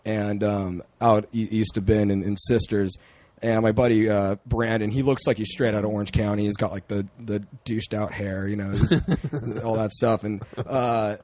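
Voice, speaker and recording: A young man from Central Oregon, a podcast guest chatting casually, relaxed and full of fillers. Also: fairly low pitch, no room sound. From Central Oregon, USA. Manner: relaxed, many fillers and restarts, quick bursts. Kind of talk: casual chat.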